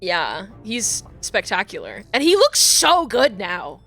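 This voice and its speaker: A woman's voice: medium pitch, wildly swooping pitch, takes it slowly, a bit bright, faint music behind. A young adult woman streamer chatting casually and rambling with many fillers while playing a game. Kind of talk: casual chat while gaming.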